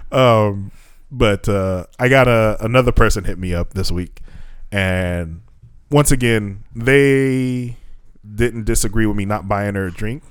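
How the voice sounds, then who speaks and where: A man co-hosting a podcast, telling stories in a casual, profane and animated way. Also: on the low side, slow, clear, resonant tone, dry recording. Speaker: podcast co-host. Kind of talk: casual chat. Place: Japan.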